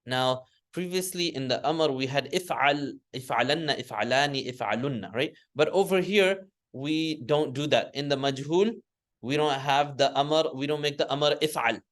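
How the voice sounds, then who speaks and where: A fairly high-pitched man speaking at normal speed gives an Arabic grammar lesson to a class. He moves through it step by step, correcting himself often and chanting word forms the students repeat after him.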